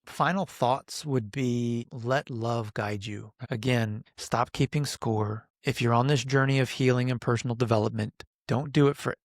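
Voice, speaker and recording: A man's voice: medium pitch, fairly even intonation, a little slow, few pauses, no room sound. Earnest man telling a story, dry sound. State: emotional. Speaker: podcast guest, men's coach. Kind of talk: casual podcast conversation.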